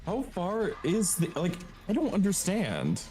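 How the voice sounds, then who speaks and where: A man's voice: sits high, huge pitch swings, unhurried, darkish tone, soft background music. A man chatting with friends during a game, dry and questioning in manner. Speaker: teammate. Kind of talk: casual chat while gaming.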